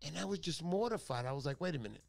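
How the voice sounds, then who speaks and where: A man's voice: fairly high pitch, animated, very fast, vocal fry. A man hosting a talk show, telling stories in a chatty, joking way that drifts off topic. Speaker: radio show host. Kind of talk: casual talk-show storytelling.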